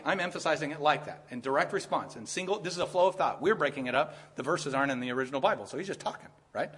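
A man's voice: fairly high pitch, animated, very fast, hardly any pauses, a bit bright, husky. A male pastor preaching an expository sermon in a conversational way, often checking in with "right?" and growing emphatic as his point builds.

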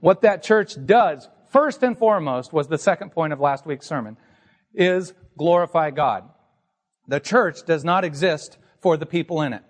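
A man's voice: a little high, expressive, normal speed, in a large hall. A man pastor preaching an emphatic, teacherly sermon to his congregation in a church sanctuary.

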